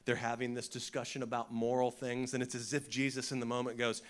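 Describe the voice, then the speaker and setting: A man preaching a sermon in church, animated and conversational, often asking the congregation rhetorical questions. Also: medium pitch, fairly quick, hardly any pauses. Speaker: pastor.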